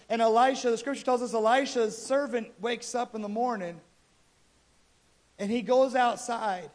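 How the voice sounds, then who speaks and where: A man preaching a sermon, retelling scripture in a casual, animated storytelling way. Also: very high-pitched.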